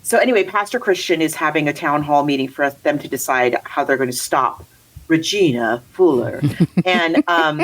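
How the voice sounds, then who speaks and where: A woman's voice: low voice, a little fast, few pauses, fairly bright tone, low-quality recording. A woman co-hosting a casual movie review chat, rambling and laughing as she talks. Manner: chatty, rambling, laughs often. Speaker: podcast co-host.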